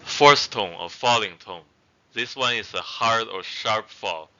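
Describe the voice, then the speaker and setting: Male teacher, low voice with a bright edge, unhurried lesson delivery, dull lo-fi sound. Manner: models each word twice, then explains it. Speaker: language teacher. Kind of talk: slow spoken language lesson. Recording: dull lo-fi recording.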